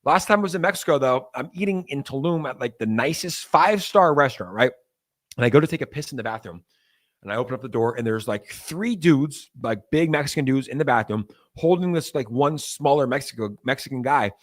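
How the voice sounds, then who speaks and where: A man's voice: mid-range voice, expressive, a little fast. A young man hosting a casual crypto livestream. He rambles loosely, with lots of fillers, and reads chat messages aloud.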